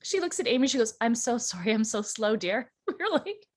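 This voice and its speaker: Female co-host, casual chat, animated storyteller who slips into quoted voices. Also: on the high side, fairly quick. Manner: animated, acts out quoted voices, laughs often. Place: church.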